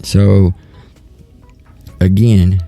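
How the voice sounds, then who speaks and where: A man's voice: low voice, little pitch movement, very slow, creaky, mellow, soft background music. A man in his thirties hosting a talk show, giving a casual, rambling and earnest monologue that often restarts its thoughts. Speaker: podcast host.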